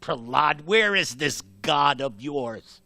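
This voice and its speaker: A man's voice: fairly high pitch, animated, takes it slowly, creaky, no echo, full character voice. A man voicing a raging, boastful demon king. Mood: furious, mocking. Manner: shouting, boastful, mocking laugh. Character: furious proud demon king, male adult.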